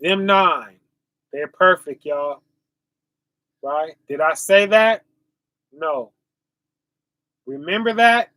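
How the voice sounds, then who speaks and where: Slow bright-voiced male street preacher. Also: on the high side, no room sound. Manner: preachy, rhetorical, keeps asking "right?". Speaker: online preacher. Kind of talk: sermon to camera.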